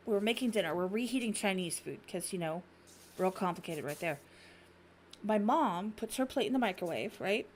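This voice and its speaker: A woman's voice: medium pitch, slight background noise. A woman in her thirties, hosting a podcast, telling stories in casual chat and swearing freely. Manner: animated storyteller, swears freely. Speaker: podcast host.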